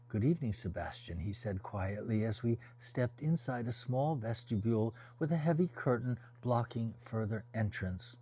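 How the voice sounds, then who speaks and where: A man narrates a first-person novel as an audiobook, steady and descriptive. His voice sits at an ordinary middle pitch, and he lets each scene unfold at a measured pace. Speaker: audiobook reader.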